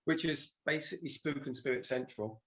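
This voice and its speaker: A man's voice: on the high side, fairly quick, crowd noise. Guy on a video call, matter-of-fact, kinda lecturing. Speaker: guest. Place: video call from rural home.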